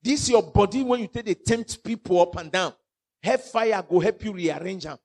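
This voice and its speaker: A Nigerian-accented man preaching a fiery sermon, mixing in pidgin and swinging from loud outbursts to hushed warnings. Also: high voice, normal speed.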